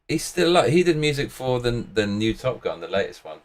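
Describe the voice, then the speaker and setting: Sweary British man, lively pitch. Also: a little fast. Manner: rambling, sweary, jokey slang. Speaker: live-stream host. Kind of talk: casual live-stream chat.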